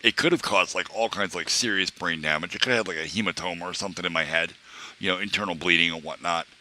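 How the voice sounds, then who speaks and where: This young male streamer speaks quickly over slight background noise, telling his chat a rambling story with lots of fillers, restarts and acted-out quotes. His voice is deep but bright and forceful.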